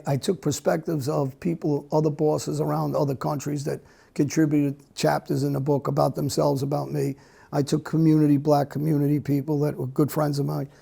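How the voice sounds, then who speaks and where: A middle-aged man answers interview questions in a blunt, halting way, often breaking off and starting again. His voice is very gravelly, dark and husky, and he stays in a flat, narrow pitch range. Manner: blunt, halting speech with many restarts. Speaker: interview guest. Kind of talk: candid conversational interview.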